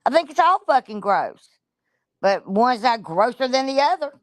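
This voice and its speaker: A woman's voice: on the high side, sing-song, normal speed, no room sound. A woman streaming a profane, confrontational rant. She is blunt and she talks straight at the listener. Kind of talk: ranting livestream commentary.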